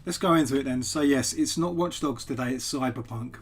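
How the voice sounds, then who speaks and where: A man's voice: mid-range voice, brisk, a little hiss or hum. A man talking casually and digressively while streaming a game from home, chatting to viewers as a poet. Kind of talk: casual live-stream chat over gameplay.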